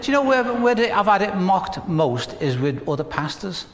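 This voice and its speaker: A man's voice: high-pitched, sing-song, normal speed, in a large hall. A man with a Northern English accent, preaching a sermon in a conversational way, with rhetorical questions and humor. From northern England. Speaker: pastor.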